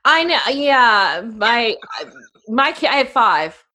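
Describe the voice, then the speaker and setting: A woman's voice: fairly high pitch, very animated, takes it slowly, bright, forceful tone. A middle-aged woman, a podcast host appearing as a guest, chatting in a rambling, talkative way with frequent laughter. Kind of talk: casual interview chat.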